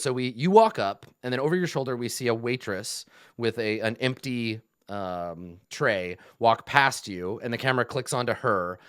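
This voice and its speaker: A man narrates a tabletop game as its game master. He sets each scene like a film, with plenty of fillers and restarts. His voice sits at a middle pitch and sounds dry and close to the mic. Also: a bit bright, clean tone, no echo. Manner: cinematic scene-setting with many fillers and restarts.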